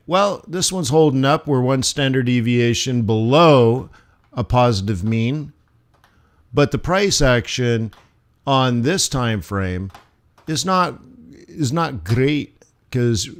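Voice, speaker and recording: A man teaching forex on a live stream, thinking aloud over charts with playful asides and sudden animated bursts. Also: medium pitch, slow. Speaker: forex trading instructor. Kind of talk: live trading stream commentary.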